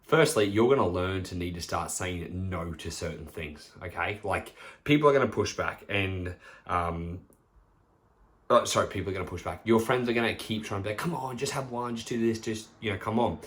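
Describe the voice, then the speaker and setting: A young man talks straight into a podcast mic, giving blunt fitness advice in a fairly low voice. He swears casually and acts out what pushy friends would say. The tone is loose and conversational. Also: animated, moderate pace, a bit bright. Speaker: podcast host and personal trainer. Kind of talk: casual solo podcast monologue.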